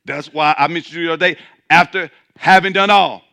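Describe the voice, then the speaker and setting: A man's voice: on the high side, fairly even intonation, brisk, vocal fry, pushed and bright. A man preaching a sermon as pastor, emphatic, repeating words as he restarts and calling out to his listeners. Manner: calls out to the congregation.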